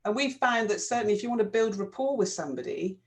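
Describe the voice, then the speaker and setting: A woman co-hosting a casual therapy chat, explaining ideas in a reflective, gentle way. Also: medium pitch, animated, fast, slight background noise. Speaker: co-host, therapist.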